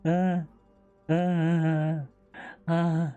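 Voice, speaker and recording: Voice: medium pitch, a little slow, faint music behind. A VTuber streamer chatting casually with dramatic, whiny complaining. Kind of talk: casual live-stream chat.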